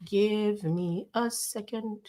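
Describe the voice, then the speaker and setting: Her voice is warm and medium-pitched, and she speaks slowly. As a livestream host, she casually reads out a celebrity news story, making fun of it with incredulous, sarcastic comments and laughing frequently, all captured on a livestream camera setup.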